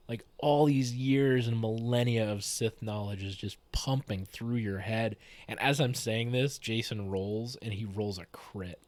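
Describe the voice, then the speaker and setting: A man's voice: fairly low pitch, a little slow, darkish tone, no echo. A man casually telling a funny story about a tabletop game he ran, quoting his players with lots of energy. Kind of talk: casual anecdote retelling a tabletop game session.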